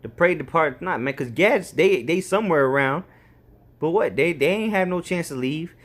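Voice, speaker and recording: A man's voice: a little high, lively intonation, normal speed. A man giving loose, slangy commentary on scripture verses, ending his sentences with "man.". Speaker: street preacher.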